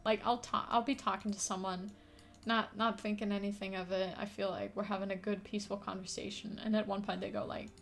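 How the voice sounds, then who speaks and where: A woman's voice: medium pitch, flat delivery, fairly quick, vocal fry, a bit bright, faint music behind. A woman who is not a native English speaker, chatting casually and rambling as a streamer while playing a puzzle game, with lots of fillers, casual swearing and laughter.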